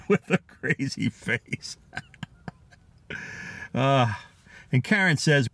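A man's voice: lowish voice, no echo. A middle-aged man with a Philadelphia accent, hosting a podcast and reading out listener comments in a chatty, nostalgic way, chuckling often. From Philadelphia area, USA. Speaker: podcast host.

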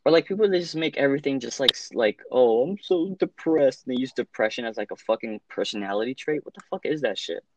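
A man's voice: mid-range voice, lively intonation, fast, few pauses, noisy background. A young man in casual chat, blunt and profane, full of filler words and restarts.

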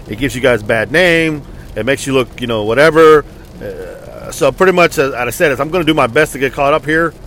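A man's voice: a little high, fairly bright tone, slight background noise, rough recording. A man venting angrily in a casual, profane, rambling story.

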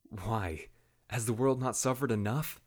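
A man's voice: low voice, normal speed, no echo, clean studio sound. A man voicing a fierce young female Valkyrie warrior, defiant and growling.

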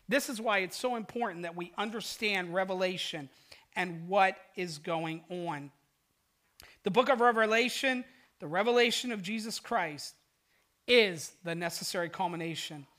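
Older guy pastor preaching, tells stories, gets loud then real quiet, highish voice. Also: moderate pace. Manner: storytelling, animated swings from loud to hushed. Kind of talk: sermon.

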